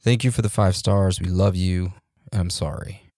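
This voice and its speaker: Laid-back lowish male podcast host. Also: steady tone, moderate pace, mellow, no room sound, studio quality. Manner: laid-back, laughs and jokes, loose fillers. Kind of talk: casual chat, reading listener reviews.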